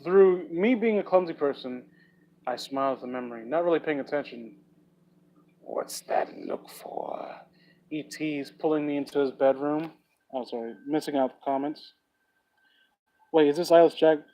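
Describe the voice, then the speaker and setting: A man's voice: a little high, moderate pace, warm tone, poor audio. A young man reading fan fiction aloud for laughs, with sarcastic, profane asides. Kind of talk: comedic dramatic reading with commentary.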